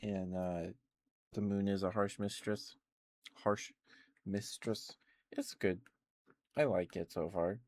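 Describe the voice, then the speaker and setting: A sleepy young man streaming ASMR, chatting softly and gently in a rambling way. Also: low-pitched, takes it slowly, long pauses, a little hiss or hum. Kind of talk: soft ASMR chat.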